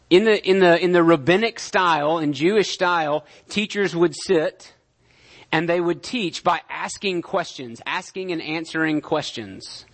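A male pastor giving a conversational sermon, often checking in with his listeners. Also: a little high. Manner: conversational, checks in with "right?" and "okay?".

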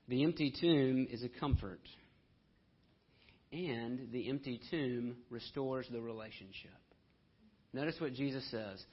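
A man preaching a sermon, swinging between hushed and loud delivery. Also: medium pitch, a little slow, breathy edge. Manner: dramatic shifts between soft and loud delivery. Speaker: pastor. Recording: dull lo-fi sound.

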